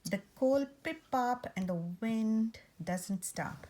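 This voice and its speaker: A woman reading a rhyming picture book aloud, rhythmic and expressive. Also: on the high side, slow. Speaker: storyteller.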